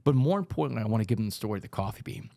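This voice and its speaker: A man, a guest on a podcast, telling his life story in a lively, animated way and often saying "man". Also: lowish voice, racing, gravelly, no echo, studio quality. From Texas, United States. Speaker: podcast guest, author and speaker. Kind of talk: storytelling in a casual podcast interview.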